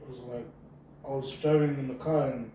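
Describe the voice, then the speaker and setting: A man's voice: medium pitch, steady tone, a little fast, warm tone. A man in a casual chat who jokes around, laughs a lot and often answers with short reactions. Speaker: podcast guest. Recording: echoey room, distant mic, faint noise.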